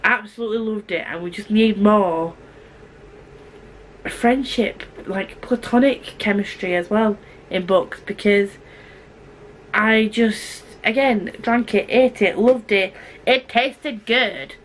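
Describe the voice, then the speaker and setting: A fast, chatty woman reviewing books on her vlog. She gushes and piles on asides and restarts, with her voice at an ordinary middle pitch. A faint hum of room noise sits behind her. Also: rough recording. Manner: fast-talking and gushing. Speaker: book vlogger. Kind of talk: casual book review vlog.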